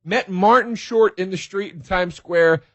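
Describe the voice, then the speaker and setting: A man hosting a podcast, telling stories in a casual, profane, excitable way and laughing as he talks. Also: sits high, measured pace, no room sound. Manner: profane, excitable storyteller who laughs mid-sentence. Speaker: podcast host. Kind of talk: casual storytelling.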